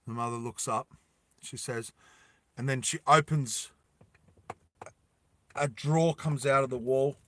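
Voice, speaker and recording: Slow, bright-voiced male storyteller. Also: mid-range voice, fairly even intonation. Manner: slow deliberate with emphatic repeats. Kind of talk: dramatic storytime narration.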